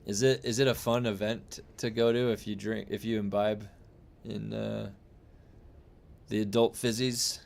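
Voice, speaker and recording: Streamer type: young man, slightly low voice, loose rambling chat with his audience. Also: level tone, a little slow, creaky. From United States. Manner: rambling, chatty, with frequent fillers and restarts. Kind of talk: casual chat reading viewer comments.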